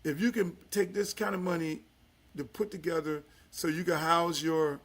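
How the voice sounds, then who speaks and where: An older man from Miami hosting his own podcast, talking in a loud, emphatic, profane way that drops to low confessional asides. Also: steady tone, moderate pace. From Miami, United States. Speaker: podcast host. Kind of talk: casual profane talk-show monologue.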